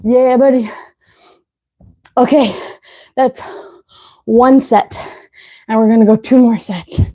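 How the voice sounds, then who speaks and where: A woman's voice: a little high, steady tone, slow, dark tone. A woman fitness instructor coaching a live leg workout, out of breath, counting reps aloud and giving short cues.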